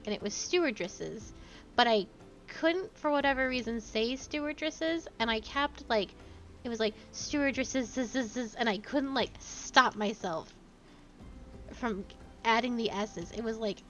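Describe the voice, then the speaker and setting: A woman streamer talks casually and laughs easily, wandering through her stories. Her voice sits fairly high. The audio is slightly dull and lo-fi, with faint music in the background. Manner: chatty, laughs easily, rambling anecdotes. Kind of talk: casual game-stream chat.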